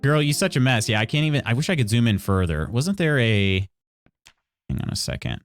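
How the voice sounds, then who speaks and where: A man streams a game live, reading the on-screen tutorial aloud and tossing playful, wry jokes to his chat. His pitch swings up and down a lot as he talks, and faint music plays underneath. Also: big pitch swings, a little fast, no echo.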